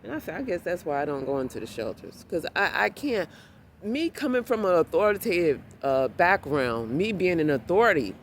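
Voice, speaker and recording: A woman's voice: lowish voice, very animated, a little fast. An emphatic woman talks in a casual, heartfelt monologue, repeating phrases as she makes her point. Her intonation swings widely and expressively. Faint outdoor city noise can be heard behind her. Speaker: vlogger.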